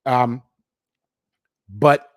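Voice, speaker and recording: A young man hosting a livestream, talking in a profane, slangy, swaggering way and jumping between loud outbursts and low asides. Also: extremely slow, no room sound, studio quality. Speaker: livestream host. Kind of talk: unscripted livestream rant.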